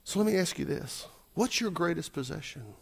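A male preacher delivering a sermon, his voice a bit higher than most men's. He talks with a lot of swing in pitch, moving from loud emphatic lines to quiet asides. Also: normal speed, vocal fry, husky. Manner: animated, shifts loud and soft, acts out quotes. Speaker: pastor.

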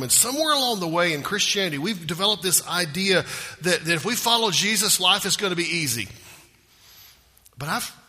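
A man's voice: a little high, bright, forceful tone, breathy edge, long reverb tail. A man preaching a sermon, earnest and emphatic, asking rhetorical questions. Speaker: pastor.

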